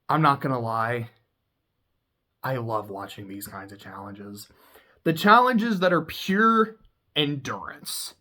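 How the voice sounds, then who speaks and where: A man's voice: high-pitched, a bit bright. A man chatting casually as he recaps a TV show, rambling and swearing freely.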